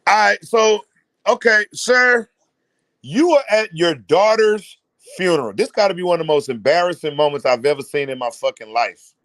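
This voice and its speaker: Reaction host, male, high and dry, brash and profane. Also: animated, normal speed, no room sound. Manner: loud, mocking, swearing, mimics others. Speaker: commentary host.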